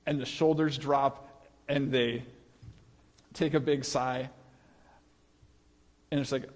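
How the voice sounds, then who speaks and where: A man's voice: medium pitch, steady tone, unhurried, pauses often. A man giving a conversational sermon, acting out quoted voices as he speaks. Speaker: preacher. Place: church hall. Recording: long reverb of a live hall.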